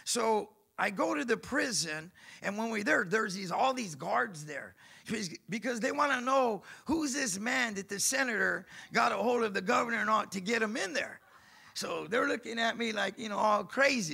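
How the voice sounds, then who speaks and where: A man preaching and giving his testimony, telling his story animatedly and acting out the dialogue with bursts of shouting. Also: sits high, expressive, moderate pace, gravelly, slightly rough. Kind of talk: sermon testimony.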